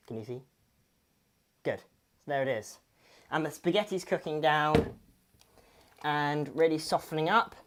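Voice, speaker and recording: Brief: female cooking host, low voice, chatty, fond of corny jokes. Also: unhurried, long pauses. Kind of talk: casual cooking demonstration.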